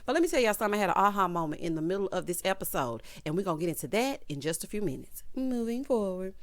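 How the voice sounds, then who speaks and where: Woman vlogger, sassy gossip recap, lively swinging pitch, talks right to viewers. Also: fast. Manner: sassy, gossipy, addresses viewers as honey and child. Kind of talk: casual commentary.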